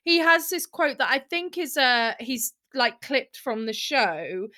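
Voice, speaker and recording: A woman on a podcast, chatting in an animated, rambling way. Her voice sits high and sounds bright and forceful, and she strings her story together loosely. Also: measured pace. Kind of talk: casual chat.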